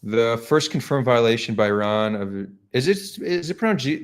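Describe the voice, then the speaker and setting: A man's voice: lowish voice, lively intonation, normal speed, few pauses. A man hosting a live stream, talking casually and skeptically, thinking aloud with frequent restarts. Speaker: streamer host.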